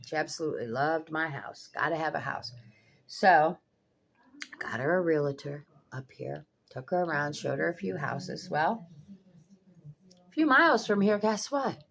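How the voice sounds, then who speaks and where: A woman's voice: low-pitched, expressive, unhurried, gravelly, a bit bright. An older woman telling a story in a blunt, exasperated way, swearing freely as she vlogs. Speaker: vlogger. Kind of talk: casual storytelling.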